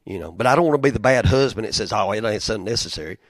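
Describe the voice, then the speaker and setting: A man preaching a sermon in a conversational, storytelling way, swinging from loud outbursts to near-whispers. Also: lively intonation, very fast, dry recording, clean studio sound. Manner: conversational, storytelling with big swings in loudness and pitch. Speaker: pastor.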